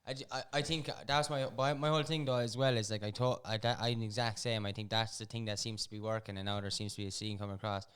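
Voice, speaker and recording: A man hosting a podcast, chatting casually and telling stories in a rambling, animated way with lots of fillers. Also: fairly low pitch, quick pace, hardly any pauses, smooth. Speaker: podcast host.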